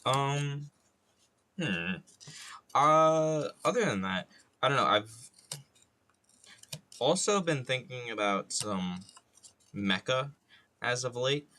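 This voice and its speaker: A man's voice: mid-range voice, animated, slow pace, pauses often, bright, forceful tone, a little hiss or hum. A young man chatting casually and rambling with profanity and jokey asides while he sculpts on an art livestream. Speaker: art streamer.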